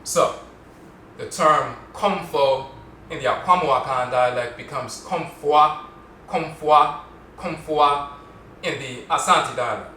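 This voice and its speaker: Bright-voiced man lecturing in an echoey room. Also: mid-range voice, a little hiss or hum. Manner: explanatory, slowly repeats terms to show pronunciation. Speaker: podcast host. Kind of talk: solo podcast lecture. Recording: roomy echo, mic at a distance.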